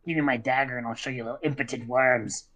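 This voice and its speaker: A man's voice: mid-range voice, fairly even intonation, quick pace, pushed and bright, natural voice. A man voicing a hostile, foul-mouthed captive male goblin who snarls curses. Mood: snarling. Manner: snarling, cursing insults.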